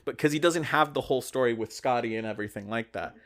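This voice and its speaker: A man's voice: medium pitch, fast, a bit bright. A man co-hosting a podcast in casual chat, retelling a story in a rambling way with lots of "like" and "uh". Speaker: podcast co-host.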